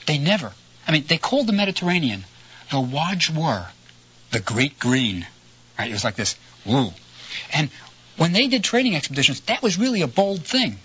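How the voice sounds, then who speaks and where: A man's voice: on the high side, moderate pace, slightly rough. A middle-aged man lecturing in a storytelling way, conversational, often checking in with his listeners. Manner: animated, conversational, frequent "right?" asides. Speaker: lecturer on ancient history. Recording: slightly dull lo-fi recording with faint noise.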